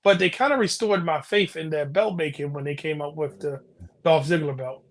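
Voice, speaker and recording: A man's voice: on the high side, moderate pace. A man co-hosting a casual podcast chat, explaining his views earnestly and often breaking off mid-sentence. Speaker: podcast co-host.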